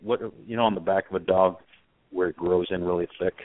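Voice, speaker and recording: On a motorcycle radio show, a male co-host with a low voice and steady tone talks fairly quickly, telling jokes in an easygoing way with frequent stumbling restarts. The audio comes through dry and phone-like in its narrow band.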